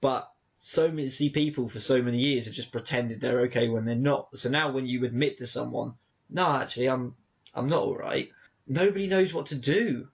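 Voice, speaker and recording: Male co-host, mid pitch, reflective rambler who acts out dialogue; lo-fi podcast sound. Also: brisk, hardly any pauses. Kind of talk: casual chat. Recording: dull lo-fi podcast audio.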